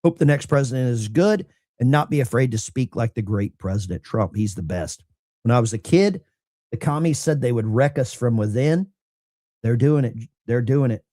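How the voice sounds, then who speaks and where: A man's voice: mid-range voice, lively intonation, normal speed, warm tone, no echo, clean studio sound. A middle-aged man, a veteran, hosting a casual livestream and reading viewer mail in a blunt, salty, self-mocking way.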